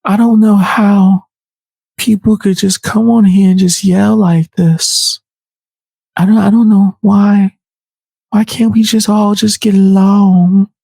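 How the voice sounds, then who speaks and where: A man's voice: high-pitched, level tone, takes it slowly, gravelly, warm tone, no echo, pitched above the performer's own voice, heavily acted. A man putting on a whiny, sing-song voice of a woman acting innocent. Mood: mock-innocent. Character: whiny mock-innocent woman, mocked by host.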